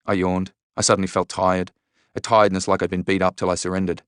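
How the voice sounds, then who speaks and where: A man narrating a first-person audiobook in a measured, even storytelling manner. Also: deep voice, clear, resonant tone, dry recording, studio quality.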